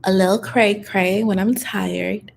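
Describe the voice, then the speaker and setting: A young woman chatting on a livestream in a casual, upbeat way, handing out advice in an easy flow with lots of "um" and "like". She sounds tired and a little loopy. Her voice sits at a middle pitch. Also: steady tone, unhurried, vocal fry, a little hiss or hum. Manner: chatty and upbeat, advice-giving, with frequent fillers. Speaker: online business content creator hosting a live Q&A.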